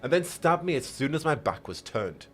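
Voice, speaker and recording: A man's voice: fairly high pitch, big pitch swings, moderate pace, slightly rough, faint music behind. A man voicing a proud, bitter young male prisoner who snaps with contempt. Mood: sneering.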